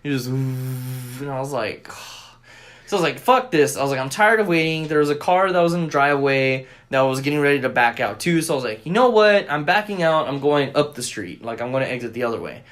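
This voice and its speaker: A man's voice: mid-range voice, a little fast. A young man co-hosting a podcast, telling a long story in casual chat, cursing often and acting out what people said. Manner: profane, animated storyteller acting out quotes. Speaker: podcast co-host.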